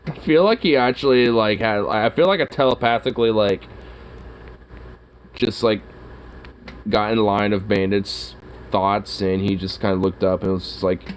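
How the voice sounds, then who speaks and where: Man, deep voice, unhurried, doting coos, soft faint hiss behind. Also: rough recording. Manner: cooing, doting, drawn-out murmurs. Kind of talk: casual talk to a pet.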